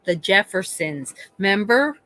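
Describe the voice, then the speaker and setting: A woman's voice: mid-range voice, animated, measured pace, bright, forceful tone, no echo, rough recording. A woman from Pennsylvania hosting a casual live stream, chatting with her viewers in a rambling way, swearing freely and often trailing off mid-thought. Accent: Northeastern Pennsylvania. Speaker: livestream host chatting with viewers.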